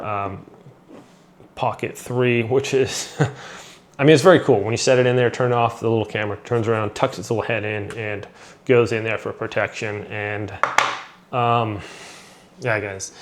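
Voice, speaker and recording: A man's voice: mid-range voice, a little hiss or hum. A man giving a casual product review to his viewers, upbeat and rambling, with lots of fillers and restarts. He is losing his voice a little. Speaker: tech reviewer.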